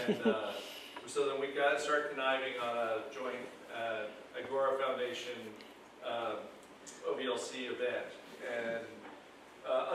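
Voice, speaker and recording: A man's voice: mid-range voice, fairly bright tone. Guy rambling through an intro, far off in a big echoey room with noise behind. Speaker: executive director. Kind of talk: event introduction. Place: school hall.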